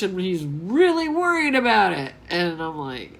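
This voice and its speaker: Slow, lively-pitched woman from New York. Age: 20s. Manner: meandering and repetitive, often laughing at herself. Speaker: vlogger. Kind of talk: casual rambling storytelling.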